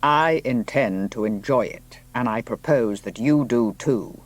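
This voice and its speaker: A man playing a blunt, kindly country gentleman. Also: medium pitch, unhurried, close to an everyday voice. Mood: firm. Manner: dry and placid, blunt.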